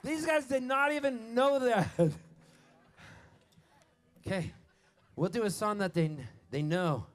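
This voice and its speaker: Giddy high-voiced man joking on stage. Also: slow pace, pauses often, a faint crowd. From Canada. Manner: giddy, laughs at his own jokes, rambling. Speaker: singer-songwriter performing live. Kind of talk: on-stage banter and storytelling. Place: outdoor festival stage. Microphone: stage vocal mic on the soundboard. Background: a band softly playing.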